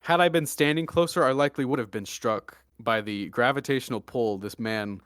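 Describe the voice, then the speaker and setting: A man's voice: mid-range voice, a little fast, clean tone, no echo. Dry-voiced young man telling a story. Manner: deadpan jokey storytelling with mock-serious asides. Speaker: podcast host. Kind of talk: casual storytelling chat.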